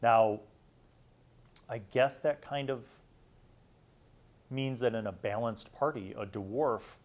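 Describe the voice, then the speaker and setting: A man's voice: medium pitch, slow pace. Irreverent man talking through a rulebook. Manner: joking, irreverent, swears. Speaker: host. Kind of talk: casual commentary on a rulebook.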